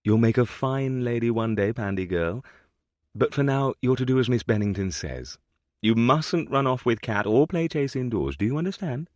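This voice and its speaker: A man voicing a patient aristocratic father in an audiobook, gently reassuring his small daughter. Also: medium pitch, expressive, normal speed, no room sound, studio quality, pitched above the performer's own voice, natural voice.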